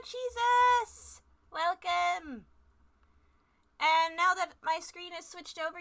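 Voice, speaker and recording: A woman's voice: high voice, bright, forceful tone. A woman streaming a game, chatting casually in a bubbly, scatterbrained way and joking at herself. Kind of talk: casual live-stream chat.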